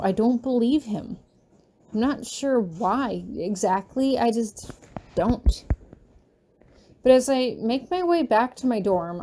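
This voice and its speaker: A woman reads a fanfiction chapter aloud as a first-person audiobook. Her voice is fairly high but mellow and warm-toned, never bright. She delivers the narration earnestly, leaning into its emotional moments. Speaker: fanfiction reader.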